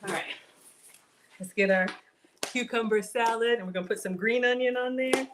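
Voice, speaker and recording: Chatty excitable woman cooking live. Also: on the high side, normal speed, noisy background. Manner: chatty, excitable, talks to viewers as "y'all". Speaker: cooking livestream host. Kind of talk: casual live cooking chat to viewers. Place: home kitchen.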